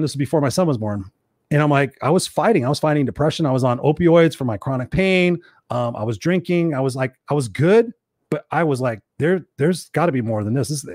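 A man's voice: on the high side, a little mellow, no room sound, studio quality. A man in his forties giving a fiery, profane motivational talk as a livestream host.

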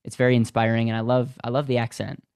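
A man's voice: medium pitch, flat delivery, fast, creaky, a little mellow, smooth, no room sound, studio quality. Enthusiastic American man hosting. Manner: enthusiastic, motivational, restarts often. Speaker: podcast host. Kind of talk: podcast interview.

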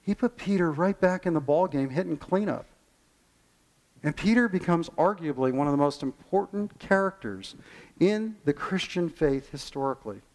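Animated preaching man, higher voice. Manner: animated preaching, acts out quoted voices, slows to stress key lines. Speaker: pastor. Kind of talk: sermon.

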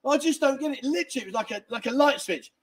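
Man, middle-aged, high pitch, cheeky livestream host, tired. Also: animated, very fast. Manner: cheeky, banters and laughs while reading comments. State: tired from lack of sleep. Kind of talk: casual livestream chat reading viewer comments.

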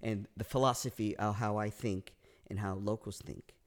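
A man from California, a podcast guest telling comic stories in casual chat, animated, with frequent restarts and acted-out voices. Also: on the low side, normal speed.

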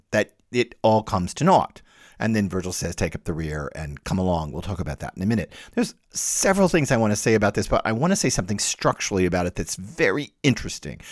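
Male podcast lecturer, expressive pitch swings, dry close recording, wry and animated. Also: dry recording. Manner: animated, lively emphasis with wry laughs. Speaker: podcast host and literature teacher. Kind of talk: lecture-style close reading.

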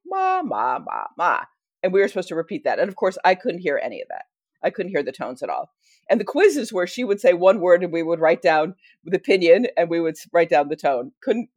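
A woman's voice: on the low side, a little mellow, no echo, studio quality. A middle-aged American woman, a historian, telling a self-deprecating story in a casual interview. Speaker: guest historian. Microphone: wearing headphones at a mic.

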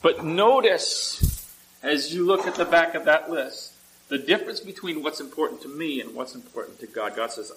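A man's voice: fairly high pitch, moderate pace, fairly bright tone, low-quality recording. A male pastor preaching a sermon in a conversational way, often asking the congregation questions and repeating words as he restarts.

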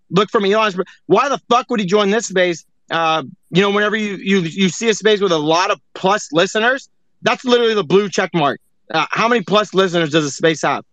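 Brief: high-voiced man, profane and rambling, hosting a casual online chat; tight, bright tone. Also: no echo, lo-fi sound. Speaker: host. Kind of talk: casual chat on an audio stream.

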